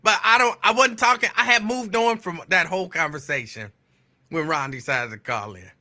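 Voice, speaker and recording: A man hosting a call-in radio show in a loose, teasing way. He laughs a lot and repeats his own lines, and at times he slows down to read a definition out deliberately. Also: high-pitched, pushed and bright. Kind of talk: casual call-in radio talk.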